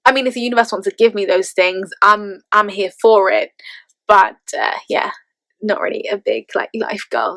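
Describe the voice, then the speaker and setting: A woman's voice: medium pitch, gravelly, a bit bright, no echo. A woman in her twenties with an English accent, chatting casually and playfully as she answers tag questions for her vlog, often laughing. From England. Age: 20s. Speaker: vlogger.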